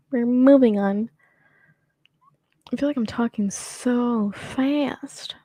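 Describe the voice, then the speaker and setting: A woman's voice: fairly high pitch, takes it slowly, long pauses, warm tone, no room sound. A young woman hosting a show in casual chat, rambling and joking at her own expense, laughing often. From United States. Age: young adult. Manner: rambling, self-mocking and jokey, laughing often. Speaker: show host.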